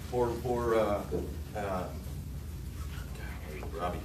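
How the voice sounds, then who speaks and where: A man's voice: on the low side, very slow, far from the mic. A man running a morning sales meeting at a car dealership, joking and motivational, talking to staff in the showroom. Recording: roomy, off-mic with room noise.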